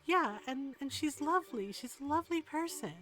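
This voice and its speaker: A woman's voice: high-pitched, lively intonation, moderate pace, fairly bright tone. A woman streamer in casual chat, ranting heatedly with lots of swearing and frequent "like" and "right?".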